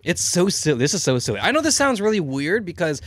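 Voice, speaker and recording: A man co-hosting a podcast in casual chat, talking fast and stammering, animated and swearing freely. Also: sits high, no echo. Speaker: podcast co-host.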